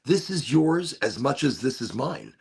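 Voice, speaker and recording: A man's voice: mid-range voice, big pitch swings, unhurried, vocal fry, a little mellow, slightly rough. A man hosting his own podcast, chatting casually from home in a rambling, laid-back way, often cutting himself off mid-sentence. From Florida. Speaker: podcast host. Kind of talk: casual solo chat. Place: home room with window cracked.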